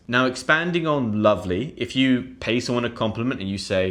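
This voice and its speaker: A young British man teaching English online in a scripted lesson, acting out example phrases in a higher voice. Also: animated, a little fast, hardly any pauses, a bit bright. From United Kingdom.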